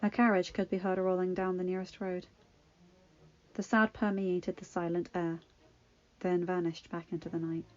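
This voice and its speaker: A woman reading fanfiction aloud in a measured, expressive narration. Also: lowish voice. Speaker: fanfiction reader. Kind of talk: audiobook-style story reading. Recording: dull lo-fi recording. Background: faint music.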